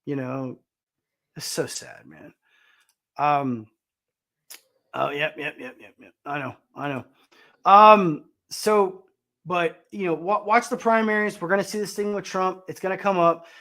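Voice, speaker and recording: A man's voice: high voice, a little slow, pauses often, sharp tone. A man hosting a casual show, talking bluntly about the news with swearing, fillers and restarts. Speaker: host. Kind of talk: ranting commentary on news clips.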